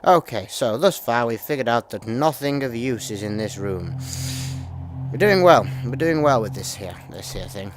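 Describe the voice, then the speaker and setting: A man's voice: medium pitch, moderate pace, hardly any pauses. Wry man muttering through gameplay. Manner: wry, muttering, swears casually. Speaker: let's play host. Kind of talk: casual gameplay commentary. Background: game music.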